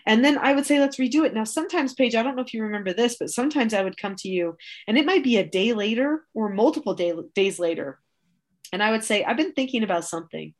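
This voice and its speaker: A woman's voice: fairly high pitch, lively intonation, fast talker. A middle-aged woman, a podcast host, telling parenting stories in an earnest, reflective and candid casual chat. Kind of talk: casual conversational storytelling.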